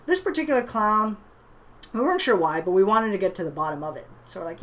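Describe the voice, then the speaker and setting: A woman's voice: mid-range voice, expressive, fast talker, fairly bright tone. A woman telling a motivational story in a conversational way, often tagging her lines with "right?". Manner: conversational, many "you know" and "right?" tags. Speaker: online business trainer.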